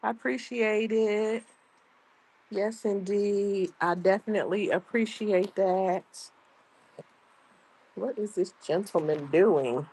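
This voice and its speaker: A woman's voice: mid-range voice, takes it slowly, long pauses, a little mellow, slightly rough. A grandmother streaming casually from home, chatting and reading her chat aloud. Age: older. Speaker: livestream host. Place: outdoors at home.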